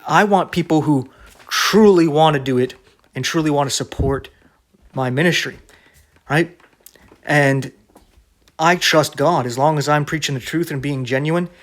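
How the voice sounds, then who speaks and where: A man preaching straight to his viewers in a casual, conversational way. His voice sits a little high for a man. He argues bluntly and keeps tagging his points with a quick "right?". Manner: blunt, argumentative.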